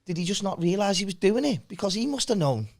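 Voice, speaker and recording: Man in casual chat, talks fast, pitch a bit high, sweary. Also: big pitch swings, darkish tone. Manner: sweary, quick reactions.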